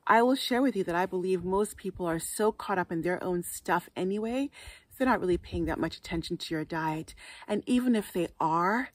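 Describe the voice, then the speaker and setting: Woman vlogger, lowish voice, gentle and encouraging, dry close sound. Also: normal speed, no echo. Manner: gentle, encouraging, lists numbered tips. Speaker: wellness vlogger and author. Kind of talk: advice vlog to camera.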